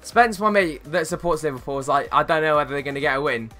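A young man streaming a football game, chatting casually with viewers and reacting to plays with bursts of excitement. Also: a little high, fast talker, soft background music. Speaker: gaming streamer. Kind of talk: casual live-stream chat while playing.

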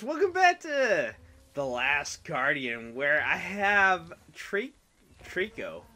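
A man's voice: fairly high pitch, bright, forceful tone. A young man giving casual, rambling, self-mocking commentary while playing a video game. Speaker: let's play host.

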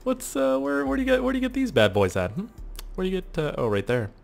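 Excitable man with a lively voice. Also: high-pitched, quick pace, vocal fry, faint music behind. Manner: excitable, swears and laughs at mishaps. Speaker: gaming YouTuber. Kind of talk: let's-play commentary.

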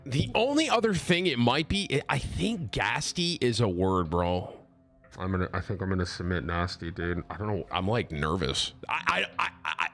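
A man's voice: lowish voice, sharp tone. A man streaming live, chatting casually and thinking aloud, tossing in "bro" and "dude" all the time. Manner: talks to himself, peppers speech with "bro" and "dude".

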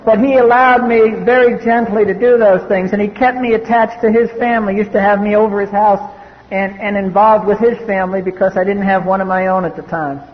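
Man from the US East Coast, high voice, wry and blunt testimony speaker; dull old tape recording. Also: fairly even intonation, a little fast. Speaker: recovery meeting speaker. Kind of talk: personal testimony talk. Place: meeting hall. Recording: dull old cassette tape in a reverberant hall.

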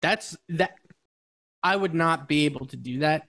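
A man's voice: on the high side, unhurried, fairly bright tone. A young man co-hosting a podcast, chatting casually and joking with lots of laughter. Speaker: podcast co-host. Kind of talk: casual chat.

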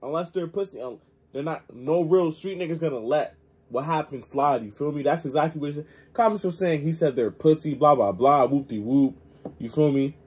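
Host for reaction commentary: male, husky, mellow, laid-back emphatic delivery. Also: fairly high pitch, fairly quick. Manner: casual, emphatic slang.

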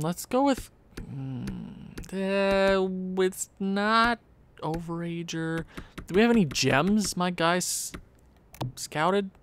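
A man giving casual commentary on a sports video game, animated, talking to himself and often jumping into a high, squeaky voice. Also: creaky, a little hiss or hum. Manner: animated, jumps into high squeaky voice when excited or pleading; talks to himself, muttering low. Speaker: gaming YouTuber.

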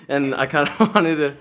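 A man's voice: a little high, fairly bright tone. A young man filming a casual prank vlog, playful and teasing, often laughing as he talks. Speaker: vlogger.

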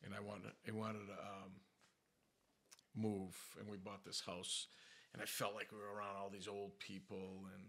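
Gravelly, husky-voiced male podcast host. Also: on the low side, normal speed. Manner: swears freely, animated anecdotes. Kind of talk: casual storytelling chat.

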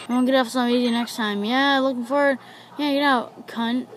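A young woman giving let's-play commentary, excitable, gasping, swearing and shouting at the game. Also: fairly high pitch, brisk, loud music behind the voice, rough recording. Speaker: gaming YouTuber.

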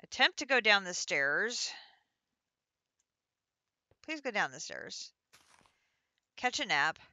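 A woman's voice: mid-range voice, sing-song, slow, sharp tone, no room sound. A woman streaming a game live, chatting to herself as she counts out and places items. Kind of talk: live gameplay commentary.

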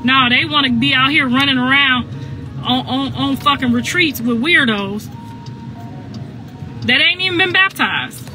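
A woman's voice: high-pitched, a little slow, pauses often, over music. A middle-aged woman ranting on a phone livestream, emphatic and repetitive, with a sassy edge.

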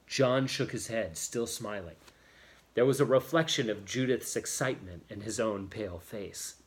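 A man reading a novel chapter aloud in a steady, expressive storytelling manner. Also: fairly low pitch, normal speed. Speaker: audiobook reader.

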